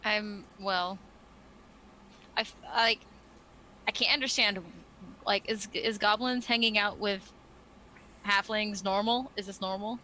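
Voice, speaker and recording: A woman's voice: mid-range voice, fairly even intonation, slow, long pauses, sharp tone, slight background noise, rough recording. A woman playing a tabletop role-playing game, chatting casually and describing her character's actions in first person. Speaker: player.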